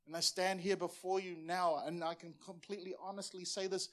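A man's voice: high voice, flat delivery, fairly quick, fairly bright tone. A man in his forties from Samoa, a pastor preaching a sermon in an earnest, passionate way and often repeating words as he presses a point.

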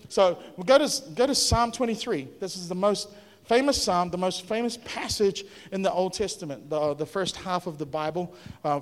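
A pastor preaches in a lively, chatty way, often turning questions to his congregation. His voice sits a little high. A long reverb from the church hall trails every phrase. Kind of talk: sermon.

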